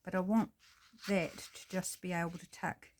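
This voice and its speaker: A woman's voice: on the low side, flat delivery, moderate pace, darkish tone, a little hiss or hum. A woman hosting a casual crafting tutorial at her table, thinking aloud and apologizing with self-deprecating chatter as she works. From New Zealand.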